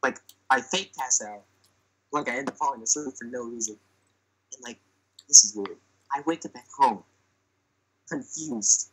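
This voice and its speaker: A young man tells a comic anecdote on a podcast in a loose, chatty way, full of fillers. His voice is bright and has a husky edge, and he acts out the lines he quotes. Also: mid-range voice, moderate pace, pauses often, low-quality recording. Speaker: podcast storyteller. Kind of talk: casual comic storytelling.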